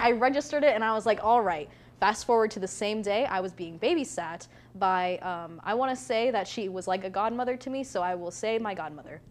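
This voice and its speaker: A young woman co-hosting a podcast, telling a story in a casual, animated way and laughing often. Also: mid-range voice. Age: young adult. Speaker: podcast co-host. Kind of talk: casual chat.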